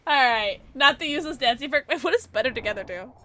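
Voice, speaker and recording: A woman streaming a video game who chats casually with her viewers, giggly, loud and excitable, and high on edibles. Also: quick pace. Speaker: streamer and voice actor. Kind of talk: casual game livestream chat.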